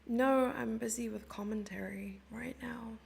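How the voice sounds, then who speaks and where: A woman's voice: fairly high pitch, fairly even intonation, unhurried, creaky, darkish tone, slight background noise. A young South African woman commentating a chess stream live and chatting with her viewers in a giggly, casual way. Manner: chatty, giggly, reads chat messages aloud.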